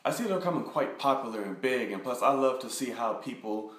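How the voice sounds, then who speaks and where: A man hosting a reaction video, talking in a relaxed, rambling monologue full of fillers. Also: medium pitch, brisk. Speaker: YouTube reaction host. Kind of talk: casual monologue. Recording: echoey room.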